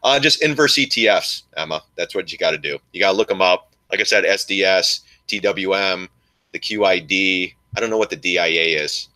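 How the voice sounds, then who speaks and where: A man's voice: low voice, a little fast, bright, forceful tone. A man hosting a casual live stream, rambling and laughing as he rants and chats with viewers.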